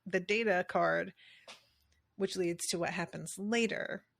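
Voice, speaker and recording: A woman's voice: fairly low pitch, measured pace, creaky. Emphatic woman recapping a show. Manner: emphatic, swears freely, acts out quotes. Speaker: podcast co-host. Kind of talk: casual chat recapping a TV episode.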